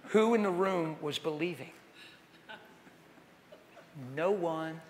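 A man preaches to a crowd in a big echoing hall, his voice pitched high for a man. He tells his stories with animation and breaks into acted voices and wailing. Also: slow pace, a little mellow. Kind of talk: sermon. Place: large hall with audience. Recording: long hall reverb.

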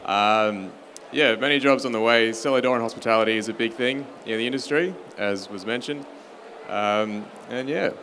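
Tired-voiced man, bright tone. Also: medium pitch, normal speed, slight background noise. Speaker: distiller. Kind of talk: panel talk.

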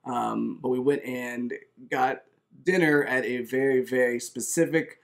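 A young man hosting his own video, chatting casually with a friend in an animated, self-mocking way. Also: medium pitch, a little slow, gravelly. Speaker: YouTuber host. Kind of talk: casual chat.

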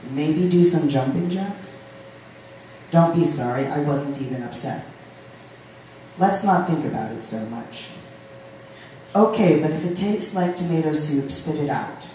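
A poet from Ohio reading poems aloud at a live open mic, with halting, filler-laden chat between poems. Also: medium pitch, warm tone, slight background noise. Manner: reads poems, chats with fillers between them. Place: live venue room. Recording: very echoey room from a distance.

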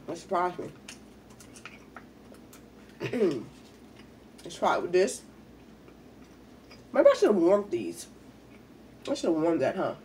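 A woman's voice: on the low side, very animated, slow, pauses often, a little mellow, recorded from a distance, slight background noise. A woman, chatting casually while eating in a mukbang video, a little congested from a head cold. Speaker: mukbang vlogger.

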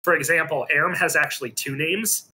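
A man's voice: on the high side, a little fast, sharp tone, slightly rough. A man casually retelling a role-play episode over a voice call, hesitant and full of ums and restarts. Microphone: computer mic on a voice call.

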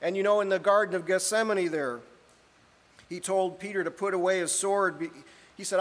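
Guy preaching a sermon, pretty high voice, lots of throat clearing, echoey church hall. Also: steady tone, normal speed. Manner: earnest, reads scripture aloud, frequent throat clearing. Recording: long hall reverb.

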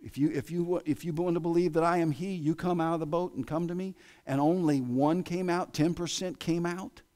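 A man preaching a sermon in a church, with an American accent, swinging between loud exclamations and hushed asides. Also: fairly high pitch, steady tone, a little fast. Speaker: pastor. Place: church sanctuary.

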